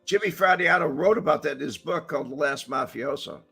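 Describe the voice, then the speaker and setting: Gravelly older man telling stories. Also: a little high, brisk, sharp tone, faint music behind. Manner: gravelly, laughing, storytelling. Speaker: podcast co-host, former mob associate. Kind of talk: casual podcast chat.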